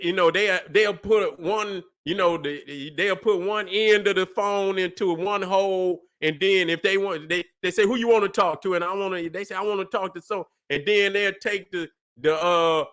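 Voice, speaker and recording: With a high, bright, forceful voice, a male streamer lectures his audience in a preachy, profane and emphatic manner. Again and again he checks that they follow, asking "you see what I'm saying."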